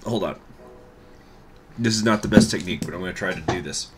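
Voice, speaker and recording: A man giving casual let's-play commentary on a strategy game, thinking aloud, with hiccups, coughs and throat clearing. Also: deep voice, a little fast, heavy background noise. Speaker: gaming YouTuber.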